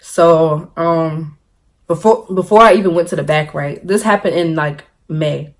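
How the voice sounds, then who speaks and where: A young woman telling a story-time vlog, animated and laughing, acting out what people said. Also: sits low, a little slow. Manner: animated, laughing, acts out quotes. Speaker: vlogger.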